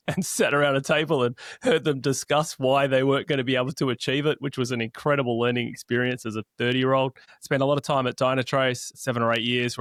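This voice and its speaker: A man's voice: mid-range voice, fairly bright tone, dry recording, studio quality. Chatty Australian man on a podcast. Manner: chatty, self-deprecating, quick asides. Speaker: guest. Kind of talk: casual podcast interview. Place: home podcast setup. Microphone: podcast mic.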